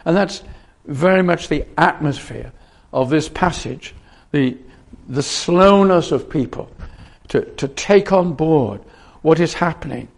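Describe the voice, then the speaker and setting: A man preaching a sermon, his voice gravelly and a little higher than most men's. He speaks earnestly and often restarts his phrases, repeating words as he works through his point. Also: unhurried.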